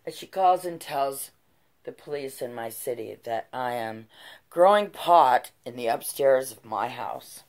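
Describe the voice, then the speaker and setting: Brief: middle-aged woman vlogger, deep low voice, drawn-out pace, frank and profane. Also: expressive, a little mellow. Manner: blunt, swears freely, laughs while telling. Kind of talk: casual storytelling.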